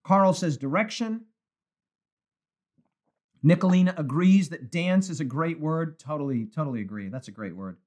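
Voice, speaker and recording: A man's voice: fairly high pitch, expressive, moderate pace, pauses often, darkish tone. A male pastor leading a live-streamed Bible study, reading viewers' comments aloud with enthusiasm.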